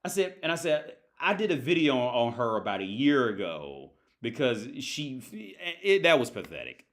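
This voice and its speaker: A man's voice: mid-range voice, big pitch swings, moderate pace. Rambling, crude livestream host, man. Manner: rambling, crude, full of "like" and restarts. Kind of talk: casual livestream rant. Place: at home by his TV.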